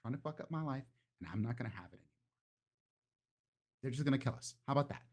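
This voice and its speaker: A man voicing a tiny, furious young woman vampire singer who rants and swears in shrill, high outbursts. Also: animated, quick pace, close to an everyday voice.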